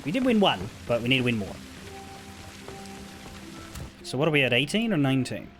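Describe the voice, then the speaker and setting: A man's voice: medium pitch, very animated, a little fast, fairly bright tone, soft background music. A man streaming a video game, thinking aloud in chatty commentary and swearing freely. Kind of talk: casual gameplay commentary.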